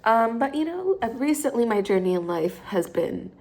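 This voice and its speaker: A tired, hungover woman in her twenties vlogs while making coffee at home, rambling casually with lots of fillers and self-corrections. She is recorded on a phone held low. Her voice is on the high side, sing-song and a little mellow, at normal speed.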